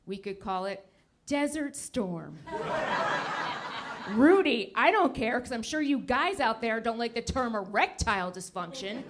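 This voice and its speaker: A woman's voice: fairly high pitch, expressive, takes it slowly, noisy background. A woman in her fifties doing a stand-up comedy set, teasing the crowd and laughing at her own jokes. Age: 50s.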